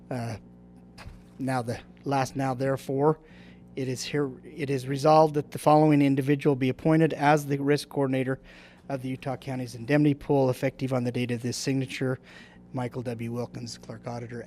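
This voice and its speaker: A man's voice: mid-range voice, mellow, a little hiss or hum. A man, the county clerk-auditor, presenting items at a public meeting in a plain, matter-of-fact way.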